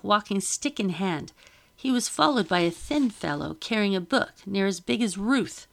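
A woman reading a children's novel aloud with steady storytelling and occasional slips. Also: mid-range voice. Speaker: reader.

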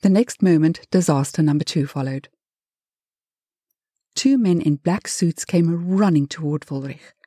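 A woman narrates a story with a low, dark and husky voice. Her telling is lively and dramatic, recorded close and dry. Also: a little slow, pauses often, no echo.

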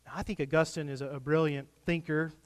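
A man's voice: a little high, level tone, fast talker. A man preaching a sermon in a casual, conversational way, rising at times into impassioned pleas. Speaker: pastor. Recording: long hall reverb.

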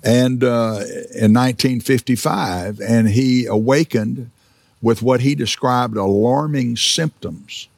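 A man's voice: mid-range voice, slow pace, vocal fry, dry recording, studio quality. A man preaching a sermon, telling stories with many fillers and restarts and acting out laughter as he goes. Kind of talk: sermon teaching.

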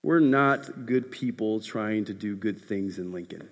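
A man preaching a sermon as a pastor, telling a story and swinging from loud passages to hushed ones. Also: lowish voice, measured pace, hardly any pauses. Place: church hall. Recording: echoey hall.

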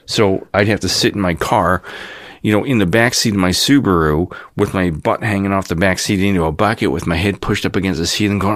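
A man's voice: sits low, brisk, fairly bright tone, dry recording, studio quality. A man in his fifties, from the Cleveland area, ranting in a cynical, rambling casual monologue as host of his own channel. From Cleveland, Ohio area. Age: 50s. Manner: cynical, rambling, mocks folksy TV voices.

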